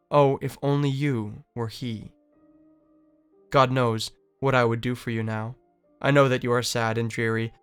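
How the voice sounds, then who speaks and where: Brief: man voicing a remorseful young woman begging forgiveness, smooth and heartfelt. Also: mid-range voice, lightly acted. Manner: pleading, heartfelt letter reading. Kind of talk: dramatic reading of a novel.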